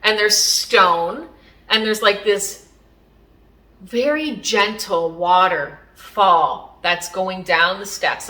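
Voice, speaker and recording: A woman recounts a personal experience in a casual vlog, her voice bright and clear. She rambles a bit and leans on little fillers as she goes. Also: mid-range voice. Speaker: spiritual vlogger. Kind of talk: casual storytelling.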